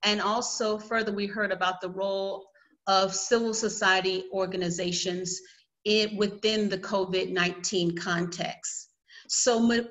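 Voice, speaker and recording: A woman's voice: medium pitch, bright, forceful tone, rough recording. A woman with a Southern US accent moderating an online conference session over a video call, giving friendly, orderly reminders. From United States.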